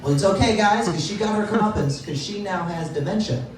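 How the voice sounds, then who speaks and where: A man's voice: sits high, animated, brisk, heavy reverb, recorded from a distance, crowd noise, poor audio. A man doing a stand-up comedy set in a club, self-deprecating and laughing at his own jokes.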